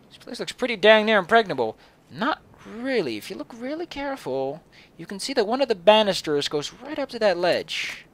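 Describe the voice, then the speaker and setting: A man's voice: a little high, a bit bright, slight background noise. A man giving casual, profane, rambling commentary over a video game. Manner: rambling, profane, self-mocking. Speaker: gaming commentator.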